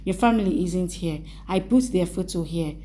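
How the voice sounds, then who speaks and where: A woman's voice: fairly low pitch, normal speed, warm tone, close to an everyday voice. A woman voicing a caring young husband in a spoken story recap, reading his lines plainly. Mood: gentle.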